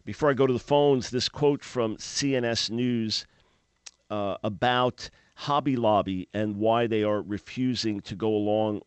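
A man's voice: fairly low pitch, clean tone, no echo. A man hosting a religious radio talk show, speaking in an emphatic preaching manner and often repeating words as he starts a phrase.

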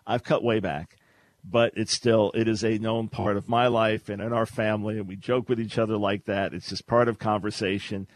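Older New York man hosting radio. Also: on the low side. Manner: sarcastic, laughs often while telling a story. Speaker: radio show host. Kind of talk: casual radio talk.

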